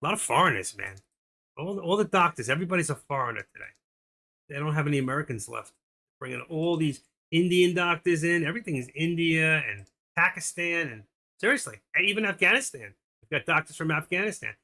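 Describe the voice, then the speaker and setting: A man's voice: fairly high pitch, expressive, a little fast, pushed and bright. A middle-aged man hosting a live stream, chatting casually and telling jokes in a rambling way, laughing at his own punchlines.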